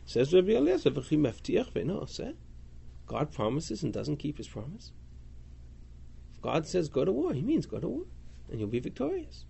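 This Talmud teacher speaks at a moderate pace in a slightly high, husky voice with vocal fry and long pauses. He animatedly reads the original Hebrew and Aramaic, then translates and questions each phrase.

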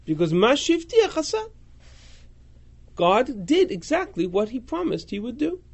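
Animated man teaching a text class. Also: very high-pitched, a little slow, vocal fry. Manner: animated, reads Hebrew and Aramaic then translates.

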